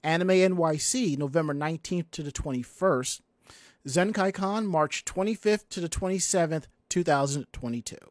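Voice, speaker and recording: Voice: mid-range voice, normal speed, dry recording, clean studio sound. A podcast host chatting casually in a rambling way, with lots of restarts and asides. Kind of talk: casual chat.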